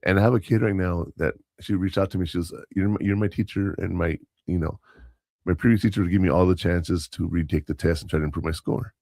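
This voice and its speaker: A man's voice: low-pitched, steady tone, fast, a little mellow, dry recording, clean studio sound. A man who works as a substitute teacher, co-hosting a podcast and telling rambling stories with quoted dialogue and self-corrections. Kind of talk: casual storytelling chat.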